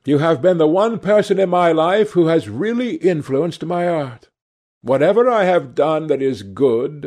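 A man's voice: fairly high pitch, gravelly, darkish tone. A man reading aloud and voicing an earnest, devoted male painter who pleads with his friend.

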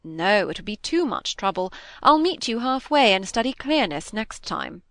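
A woman's voice: mid-range voice, sing-song, normal speed, fairly bright tone, no echo. Tired young gent, kinda plaintive and polite, a woman reading him, dry sound. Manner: plaintive, tired, mildly gallant. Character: weary, gallant young gentleman.

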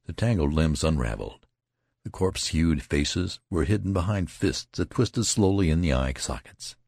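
A man reading a novel aloud in a measured, deliberate way, as scripted narration. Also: sits low, lively intonation, vocal fry, a little mellow, husky, no echo, clean studio sound. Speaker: audiobook reader.

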